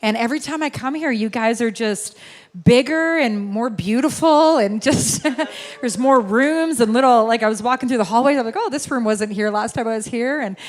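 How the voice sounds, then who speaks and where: Middle-aged canadian woman from alberta, guest preacher, fairly high voice, chatty and laughing. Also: moderate pace. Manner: chatty, laughing, self-deprecating asides. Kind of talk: sermon opening remarks. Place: large church sanctuary. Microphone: handheld or stage microphone.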